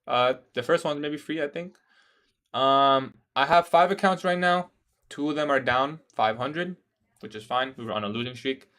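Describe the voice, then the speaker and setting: Young male streamer, laid-back and conversational, reads chat aloud, mid-pitch everyday voice. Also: normal speed, a bit bright. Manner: casual, says "bro" often, laughs at odd questions. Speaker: day trader livestreaming. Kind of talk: casual livestream chat reading viewer questions.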